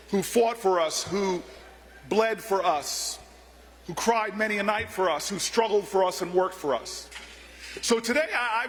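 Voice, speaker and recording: A man delivers a passionate speech, his voice sitting very high for a man. He builds rhythm through repeated phrases as he tells stories. The sound carries a long echo from a large hall. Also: a bit bright. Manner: rhythmic repetition, storytelling. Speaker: political speaker. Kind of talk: impassioned speech.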